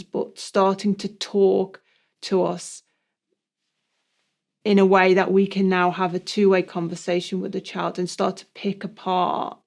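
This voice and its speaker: A man co-hosting a reflective podcast discussion, explaining ideas in a measured way. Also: high voice, creaky. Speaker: podcast co-host.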